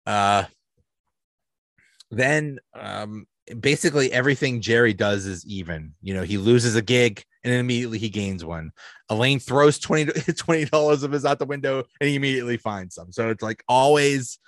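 A podcast host with a mid-range voice talks at a moderate pace in a dry recording. He enthusiastically recaps a favorite episode, rambling and restarting as he goes in a casual review.

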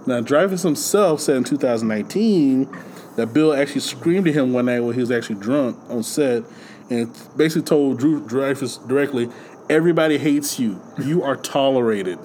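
A man chatting casually about a film, animated and acting out lines with big jumps in his voice. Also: medium pitch, fairly quick, a little hiss or hum, rough recording. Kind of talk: casual movie chat.

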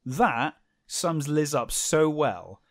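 A man with an English accent, co-hosting a casual podcast and recapping a book with quick jokey asides. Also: on the high side, expressive. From England. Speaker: podcast co-host.

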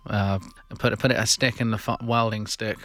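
A man's voice: fairly low pitch, fairly even intonation, moderate pace, fairly bright tone. A man co-hosting a comedy podcast, answering in a hesitant, unsure way.

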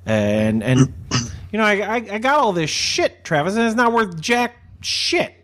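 A man with a slightly raised voice, co-hosting a loose podcast chat. He rambles and grumbles with animated swings and freely drops swear words. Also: high-pitched, unhurried, slight background noise. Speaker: podcast co-host. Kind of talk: casual chat.

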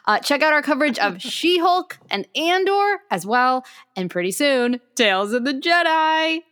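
A woman's voice: high voice, big pitch swings, moderate pace, a bit bright. A young adult woman co-hosting a pop-culture podcast, talking casually and rambling, with many likes and ums. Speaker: podcast co-host. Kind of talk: casual chat.

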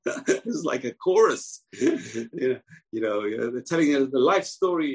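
A man teaching a Torah class, emphatic, repeating key phrases and rising to shouts. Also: medium pitch, expressive, moderate pace, creaky, breathy edge, low-quality recording.

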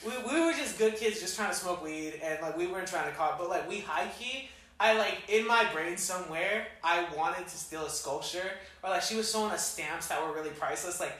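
A young man telling a wild story on a casual podcast, animated and full of slang and swearing. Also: high-pitched, a little fast. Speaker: podcast co-host. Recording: echoey room, distant mic, faint noise.

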